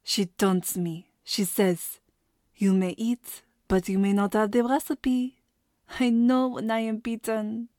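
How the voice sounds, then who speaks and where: A woman voicing a dreamy, food-obsessed female cafeteria chef with a breathy, lingering delivery. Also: on the high side, little pitch movement, slow pace, warm tone, dry recording, studio quality.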